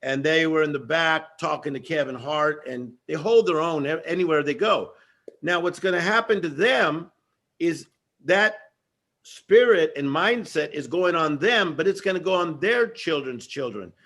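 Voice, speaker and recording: Emphatic man with a high voice. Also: animated, normal speed, fairly bright tone. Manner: preacher-like, emphatic repetition. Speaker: guest speaker. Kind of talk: energetic motivational talk.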